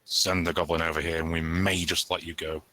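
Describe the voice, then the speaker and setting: Male player, deep monotone, blunt. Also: a little fast. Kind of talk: casual game play.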